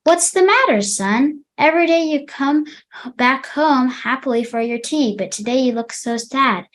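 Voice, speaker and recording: A woman reading a storybook aloud to children, voicing a caring mother dragon in a raised, fussing voice. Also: unhurried. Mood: concerned. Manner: high, bright, doting storybook voice.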